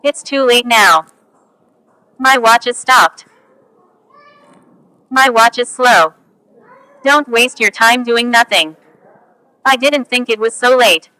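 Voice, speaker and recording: A woman reading English example phrases one at a time for learners, slow and careful. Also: a little high, bright, forceful tone, no room sound, poor audio. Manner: slow, careful, each phrase spoken on its own. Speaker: English teacher.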